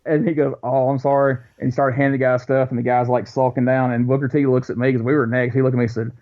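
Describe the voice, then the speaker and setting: Male podcast co-host, animated storyteller, average pitch, dull audio. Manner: animated storyteller, quick bursts, acts out quotes. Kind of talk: casual storytelling chat.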